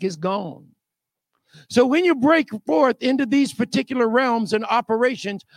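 A man preaching a sermon, telling the story in an animated way with bursts of shouting. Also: sits high, no room sound. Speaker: pastor.

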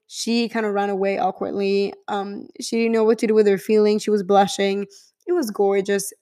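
A woman's voice: mid-range voice, darkish tone. A woman from Spain, gushing and swearing casually as she reviews a film in a chatty vlog. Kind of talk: casual chat.

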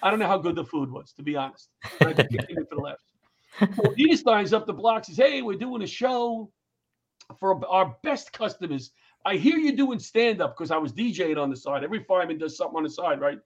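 Middle-aged New man, high voice, animated storyteller, dull lo-fi recording. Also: fairly quick. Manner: animated storyteller, acts out quotes in raised voice. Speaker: guest comedian and former firefighter. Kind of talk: storytelling in casual interview chat.

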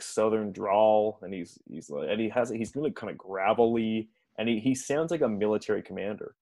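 A man's voice: lowish voice, mellow, no room sound. A man casually recapping a TV episode in a rambling way, full of fillers and restarts, chuckling now and then.

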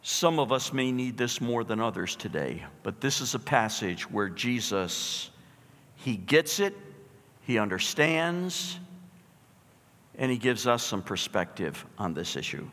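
A middle-aged male pastor preaching a sermon, telling a story in an emphatic, animated way. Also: mid-range voice, measured pace, long reverb tail.

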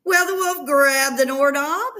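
A woman reading a children's story aloud in an expressive, playful storytelling manner. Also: high voice, measured pace.

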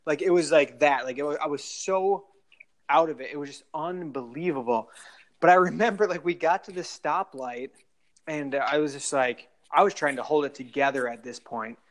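A man in early adulthood tells a long concert story in a casual podcast chat. His voice sits a touch high and he rambles, with plenty of "like" and "uh" and frequent restarts as he goes. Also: normal speed. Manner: rambling, many fillers and restarts. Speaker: guest storyteller.

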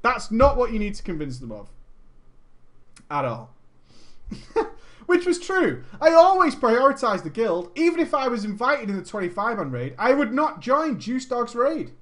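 Animated, sarcastic story reader with lively pitch. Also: measured pace. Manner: animated and sarcastic, laughs often and swears. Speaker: commentator reading a gaming story aloud. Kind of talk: reading a story aloud with mocking commentary.

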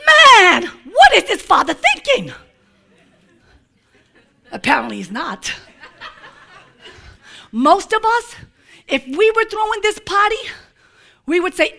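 A woman preaching with a high, bright voice that leaps all over its range. She takes her time and turns from quiet, tender lines to loud, ringing shouts, breaking into playful asides along the way. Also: big pitch swings, takes it slowly, vocal fry, pauses often. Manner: dramatic, swings from hushed to shouting, playful asides. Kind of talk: sermon.

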